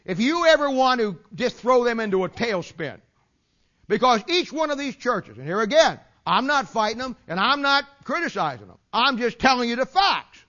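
An older preacher delivers a sermon in a high, bright voice, hammering his points with folksy sayings and repetition. The recording is dull and lo-fi, like an old church tape. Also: very animated, moderate pace.

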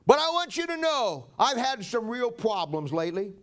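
Pastor doing a humble blind beggar, high voice. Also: male voice, very animated, normal speed, fairly bright tone, full character voice. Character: poor blind old male beggar.

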